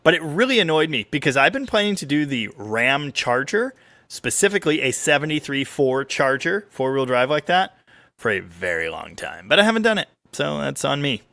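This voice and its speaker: Reading out comments from viewers, a man hosting a weekly car livestream jokes and rambles, his delivery full of lively ups and downs. The recording is dry, and his voice is on the high side with vocal fry at a normal speed.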